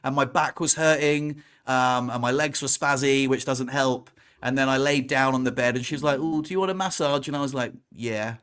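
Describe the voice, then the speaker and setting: A man's voice: medium pitch, little pitch movement, a little fast, few pauses, a bit bright, clear, resonant tone. A man chatting casually on a podcast, telling a story and acting out what people said. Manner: storytelling, acts out quoted lines. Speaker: co-host. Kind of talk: casual chat.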